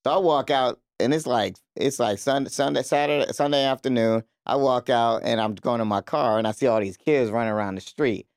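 A laid-back man in a relaxed recap podcast chat, telling stories and laughing easily. His voice sits at a middling pitch, recorded dry and close with little room sound. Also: brisk, few pauses, clean tone, no echo. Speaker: podcast co-host.

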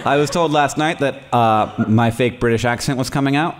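A man in his forties hosts a live podcast on stage, his mid-range voice moving at a normal speed as he tells rambling, jokey stories and laughs often. It's casual live podcast chat, recorded in a large hall with background noise.

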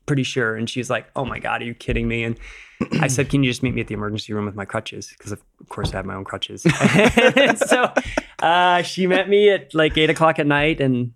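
Animated middle-aged man telling stories. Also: mid-range voice, a little fast, gravelly. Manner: animated, acts out quoted dialogue, laughs often. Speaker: podcast guest, rock climber. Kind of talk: casual storytelling chat.

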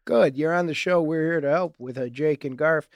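A man's voice: a little high, a little fast, no echo, clean studio sound. A man co-hosting a comedy advice podcast, teasing and joking with a caller in casual chat. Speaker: podcast co-host.

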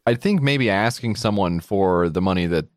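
A man co-hosting a podcast, asking dry, measured follow-up questions. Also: deep voice, expressive, no echo. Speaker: podcast co-host. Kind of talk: casual podcast chat.

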